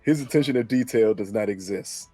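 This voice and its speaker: A man's voice: brisk, no echo, soft background music. A man co-hosting a TV recap in casual chat, cracking jokes. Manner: joking, lively, laughs into high pitch. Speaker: podcast co-host.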